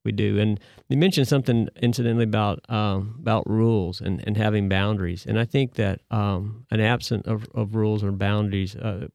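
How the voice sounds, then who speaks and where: A man serving as a deacon, answering questions in a measured, thoughtful way. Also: on the low side, steady tone, creaky, darkish tone, no room sound. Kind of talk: conversational interview answer.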